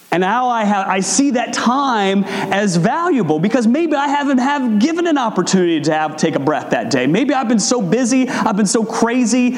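A man preaching a sermon in a conversational way, acting out quotes with big swings in pitch. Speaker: pastor. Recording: echoey hall with long reverb.

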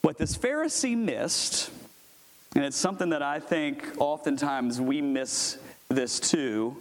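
Male pastor, high-pitched, lively, conversational sermon. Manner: lively, jokey, talks with the congregation.

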